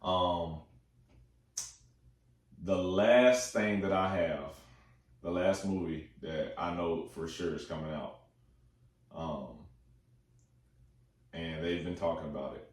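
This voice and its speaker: A young man casually talking about upcoming films, excitable and slangy, swearing freely. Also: low voice, slow pace, long pauses. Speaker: movie talk host. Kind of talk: casual movie chat. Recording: echoey room, far from the mic.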